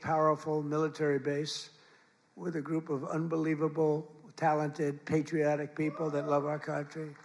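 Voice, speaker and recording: Older male politician, raised gravelly voice, rambling rally speech, crowd audible. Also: a little high. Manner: rambling, repetitive, boastful asides. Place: large event hall with crowd. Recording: live rally with crowd noise. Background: crowd and ambient noise.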